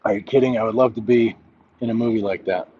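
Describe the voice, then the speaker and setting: A man hosting a casual livestream, reading viewers' comments aloud and answering them in a relaxed, friendly way. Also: on the low side, fast, husky, phone-quality sound. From Southwest United States. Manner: reads chat messages aloud, relaxed and friendly. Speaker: livestream host. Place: walking outdoors.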